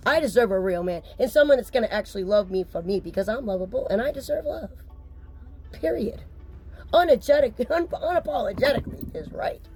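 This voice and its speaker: A woman's voice: medium pitch, darkish tone, breathy edge. A woman talking to camera as a mother speaking out, upset, insistent and blunt, with occasional swearing. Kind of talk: emotional personal vlog.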